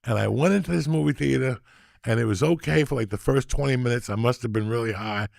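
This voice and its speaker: A man in his sixties hosting a podcast, telling stories casually in a profane, rowdy way that gets loud when he is excited. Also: mid-range voice, quick pace, no echo, studio quality. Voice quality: gravelly. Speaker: podcast host.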